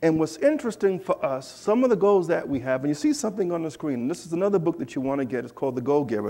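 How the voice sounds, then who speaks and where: A man preaching in a church, telling a lively personal story with asides to the congregation. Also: fairly high pitch. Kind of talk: storytelling sermon.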